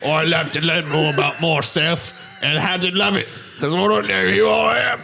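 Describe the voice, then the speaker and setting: A man's voice: fairly high pitch, fairly even intonation, moderate pace, gravelly, pushed and bright, a little hiss or hum, voice pushed up, full character voice. A man voicing a rude, vain British actor in a mock British accent. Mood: earnest.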